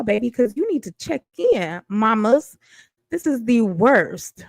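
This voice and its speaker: A woman's voice: fairly high pitch, lively intonation, measured pace, vocal fry, no echo, rough recording. A woman giving blunt, sassy commentary on a reality dating show, casual and mocking.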